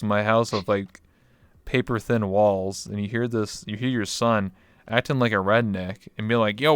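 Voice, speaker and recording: Crisp-voiced young man hosting a chat. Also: fairly low pitch, no room sound, studio quality. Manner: animated storytelling, laughs often. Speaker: podcast host. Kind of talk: casual chat.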